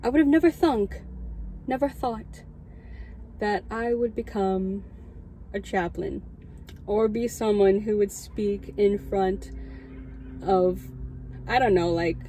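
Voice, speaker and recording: Young woman, chaplain type, higher voice, heartfelt and teary testimony recorded in a car. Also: dark tone, slight background noise, rough recording. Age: young adult. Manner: heartfelt, tearful, laughing. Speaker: student chaplain. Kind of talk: personal testimony, casual. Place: in her car at night. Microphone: camera in a car.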